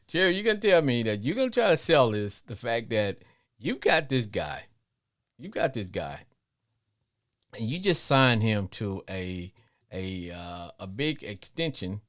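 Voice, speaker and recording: A middle-aged man hosting a live football call-in show in a loose, rambling way. His pitch swings widely from low mutters to sudden high bursts, and he keeps stumbling over repeated words. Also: big pitch swings, a little slow, a bit bright. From Arkansas, with Louisiana family. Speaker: podcast host. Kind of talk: live sports call-in rant.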